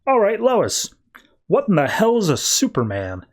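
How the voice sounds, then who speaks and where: A man's voice: sits high, huge pitch swings, moderate pace, voice pushed up, exaggerated voice. Man voicing clueless superhero, polite, plain-spoken. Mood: deadpan.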